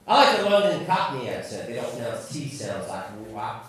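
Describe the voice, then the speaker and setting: A man with a mid-range, sing-song, slightly bright voice speaks fairly quickly while doing a stand-up set at a live comedy venue. He chats with and teases the crowd and swears freely. The recording is noisy and echoey, with him far from the mic.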